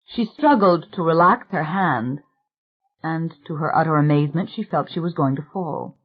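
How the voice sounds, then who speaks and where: A narrator reads a suspense novel in a measured, even manner, the voice pitched mid-range. The recording is thin and tinny, close to a phone line. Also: husky. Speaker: audiobook narrator. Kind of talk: scripted narration.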